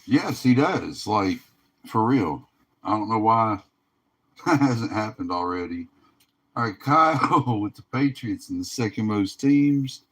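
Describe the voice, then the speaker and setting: Weary male stream host, slow and easygoing, chuckles between card reveals. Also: lowish voice, animated, fairly bright tone. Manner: laid-back, drawling, laughs often. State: tired, yawning. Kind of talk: casual livestream commentary.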